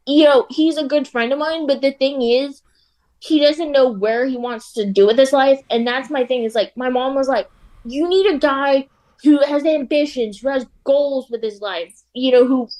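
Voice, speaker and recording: Chatty high-voiced young woman. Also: moderate pace, darkish tone. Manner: chatty, laughs often, lots of "like". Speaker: guest. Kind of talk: casual chat.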